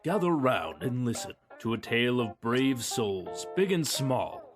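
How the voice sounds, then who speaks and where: A man recites a rhyming storybook opening in a lilting tone. He speaks slowly, and his pitch rises and falls a lot. Clear guitar music plays behind him. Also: very animated. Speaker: intro narrator. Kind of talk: storybook show intro over guitar.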